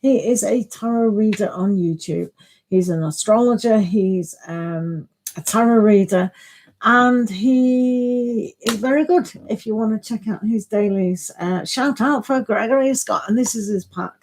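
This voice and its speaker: A woman's voice: medium pitch, unhurried, a little mellow, rough recording. A woman giving a casual tarot reading on a live stream, chatty and thinking aloud, laughing often.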